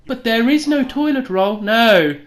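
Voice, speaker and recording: Young woman, higher-pitched, sweary comic storyteller who acts out quotes loudly. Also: animated, a little slow. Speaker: vlogger.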